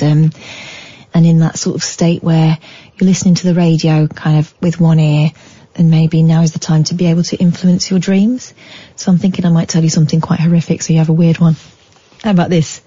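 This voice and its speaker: A woman's voice: deep voice, dark tone, husky, dry recording, highs cut off. A woman hosting late-night talk radio, reading news with chatty, wry asides and mock-dramatic emphasis. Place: radio studio. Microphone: studio microphone.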